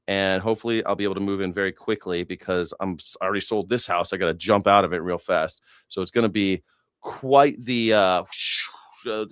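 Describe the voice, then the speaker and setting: A man's voice: lowish voice, a bit bright, clear, resonant tone, dry recording, studio quality. A man hosting a casual news reaction livestream, talking in a sarcastic, profane and rambling way. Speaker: host of a news reaction stream.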